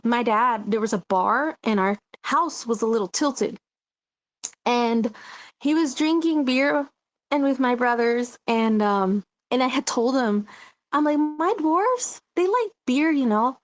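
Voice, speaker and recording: A woman from Mexico, an interview guest, telling a story casually, rambling with many fillers. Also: a little high.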